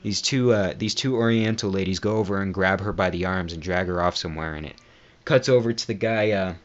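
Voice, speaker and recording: A low-voiced man talks through a movie plot on a dull, muffled home recording. He rambles and restarts, swearing casually as he goes. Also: a little fast. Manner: rambling, lots of fillers and restarts, swears freely. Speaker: movie reviewer. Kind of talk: casual spoken movie recap.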